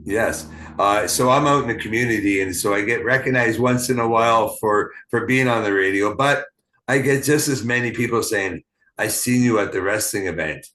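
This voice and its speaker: A man from Canada hosting a podcast, talking in a casual, rambling way with many fillers and halting restarts. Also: mid-range voice, bright, forceful tone. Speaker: podcast host. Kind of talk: casual interview chat. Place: small town.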